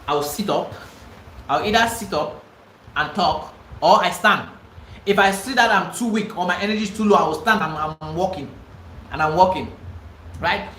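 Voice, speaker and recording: A man's voice: sits high, sharp tone, echoey room, a little hiss or hum, low-quality recording. A man with a Cameroonian English accent teaching a live online real estate class, emphatic and repeating himself for stress. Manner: emphatic, repeats phrases, pleading asides.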